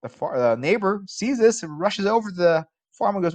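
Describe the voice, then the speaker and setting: A man lecturing as a college philosophy professor, conversational and posing rhetorical questions, animated when telling a story. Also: high-pitched, normal speed, few pauses.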